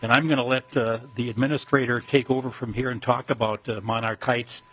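Husky man presenting a bill haltingly. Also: medium pitch, steady tone, fairly bright tone, rough recording. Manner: halting, with many fillers and restarts, appreciative. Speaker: state representative presenting a bill. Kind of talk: legislative testimony.

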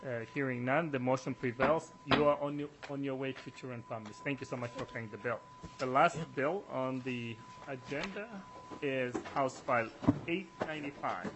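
A man chairing a legislative committee, moving motions and votes in a brisk, courteous way. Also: mid-range voice, noisy background.

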